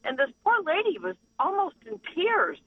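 A woman's voice: extremely high pitch, moderate pace, gravelly, no room sound. A woman calls in and tells her story earnestly. Her voice comes through a muffled phone line. The sound is dry. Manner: earnest, animated retelling. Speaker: caller.

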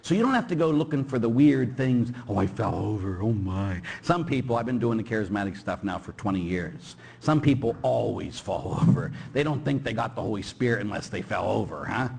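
A man's voice: medium pitch, brisk, gravelly, few pauses, slight background noise. A middle-aged man, a Catholic priest, telling stories in a homily, acting out the people in them and tagging lines with "huh?". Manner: animated storyteller, acts out quoted people and sound effects, keeps tagging "huh?". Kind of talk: storytelling homily.

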